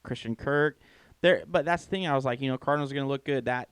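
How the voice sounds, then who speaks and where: A man on a podcast venting his opinions in casual, profanity-laced chat. His voice sits at a middling pitch and is recorded close and dry, with no room sound. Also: quick pace, clean tone, no echo. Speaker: podcast co-host.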